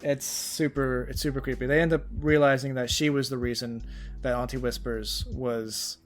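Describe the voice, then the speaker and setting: A man's voice: medium pitch, flat delivery, moderate pace. A man co-hosting a casual podcast chat who rambles enthusiastically and fills his talk with "like" and "you know". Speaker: podcast co-host.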